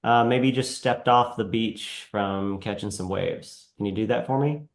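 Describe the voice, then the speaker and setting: A man hosting a live webinar, demoing software in a casual, halting way with many fillers. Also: on the low side, gravelly, roomy sound. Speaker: webinar host.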